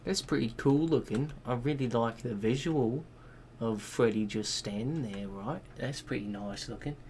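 A man giving casual, excitable reaction commentary on a game trailer, swearing freely and thinking out loud. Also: medium pitch, moderate pace, background noise. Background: game trailer music.

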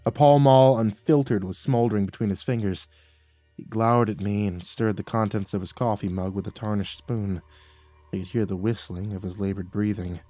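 A man's voice: lowish voice, no echo. Dramatic man narrating a horror story. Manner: dramatic, jumps between hushed and loud. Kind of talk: scripted first-person horror narration.

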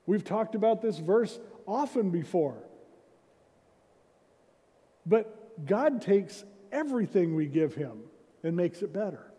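A man's voice: sits high, expressive, slow, long pauses, dark tone, breathy edge. A man preaching a sermon as senior pastor, in a conversational way with self-deprecating humor, recorded in a church sanctuary. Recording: reverberant church hall.

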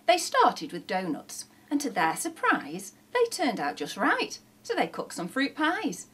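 Husky woman reading a rhyming story. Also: high-pitched, huge pitch swings, measured pace, fairly bright tone. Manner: sing-song rhyming storytelling. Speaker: teacher. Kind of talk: reading a children's picture book aloud.

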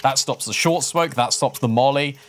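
A man, commentating an esports match with quick analysis and some self-deprecating asides. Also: medium pitch, fairly bright tone. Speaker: esports caster. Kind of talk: play-by-play commentary.

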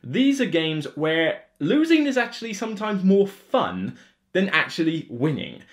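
With a high-sitting, unhurried voice, a man from Somerset, England, hosts a board game video in his regional accent. He chats casually to camera, ranting energetically and using lots of fillers.

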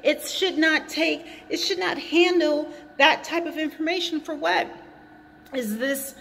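A woman's voice: sits high, measured pace, vocal fry, fairly bright tone, in a large hall, slight background noise. A woman vlogging from a hot garage, rambling and indignant as she repeats her points while chewing gum. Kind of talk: casual opinion vlog.

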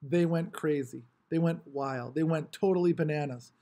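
A man reading a novel aloud with expressive, varied storytelling. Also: fairly high pitch, moderate pace, hardly any pauses. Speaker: audiobook reader.

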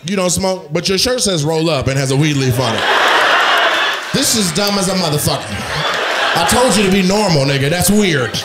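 A man's voice: on the high side, expressive, brisk, heavy background noise. A man doing live stand-up crowd work in a comedy club, teasing audience members with brash, profane banter. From United States. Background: audience laughter.

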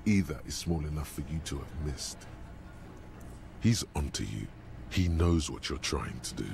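An actor voicing a dry, knowing male narrator in a game, slow and measured, with a deep gravelly voice. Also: lively intonation, a little mellow, a little hiss or hum, exaggerated voice. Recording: game audio with music behind. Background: music.

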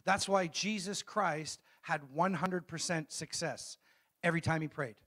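A middle-aged male pastor delivering a sermon, his voice pitched a touch high for a man. He throws questions out to the congregation and waits for replies. When he reads scripture, he slows down and leans hard on each phrase. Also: fairly bright tone. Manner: call-and-response preaching, asks the congregation questions; reads scripture slowly and emphatically.

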